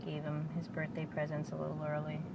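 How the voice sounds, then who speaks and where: A woman's voice: sits low, completely flat delivery, brisk, gravelly. A woman talking in a personal video diary, speaking in a heartfelt way as she fights back tears. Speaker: vlogger. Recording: dull lo-fi audio with loud vehicle noise.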